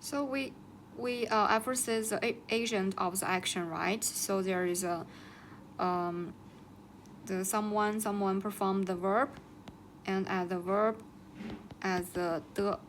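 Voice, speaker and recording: A woman teacher talks very slowly and patiently and says each new word twice. Her voice sits at a middle pitch. A faint hiss of noise stays behind her the whole time. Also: fairly even intonation. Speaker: Chinese language teacher. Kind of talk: slow teaching explanation, repeating words.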